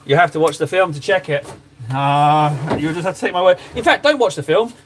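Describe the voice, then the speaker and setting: A man's voice: fairly high pitch, fairly quick, a little hiss or hum. A man casually chatting to his stream audience while painting miniatures, joking and mocking himself. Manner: joking, self-mocking, bantering with chat.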